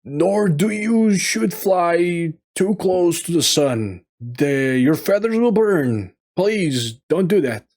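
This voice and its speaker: A man's voice: high voice, animated, slow pace, hardly any pauses, a little mellow, pitched above the performer's own voice, exaggerated voice. A man playing a fretful, scolding father. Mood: pleading. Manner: pleading, then scolding. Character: worried father scolding his reckless son.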